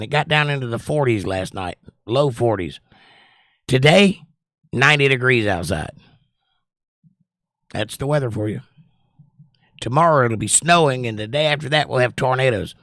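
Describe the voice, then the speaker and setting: Hoarse man chatting on a livestream. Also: mid-range voice, a bit bright, dry recording, clean studio sound. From North Carolina. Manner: joking, rambling, does silly voices. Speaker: livestream host. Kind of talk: casual chat with live chat.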